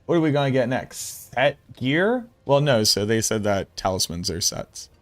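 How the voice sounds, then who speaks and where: Guy streaming and reacting, excitable and blunt, swears a lot, mid pitch, dry close sound. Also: normal speed, no room sound. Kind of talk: casual live-stream commentary.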